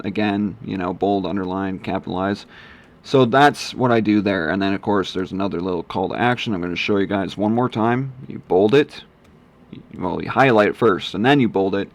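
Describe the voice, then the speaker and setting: A man casually walking through his email steps on screen, rambling with many ums and self-corrections. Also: on the low side. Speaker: online marketing vlogger. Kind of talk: casual screen-share walkthrough.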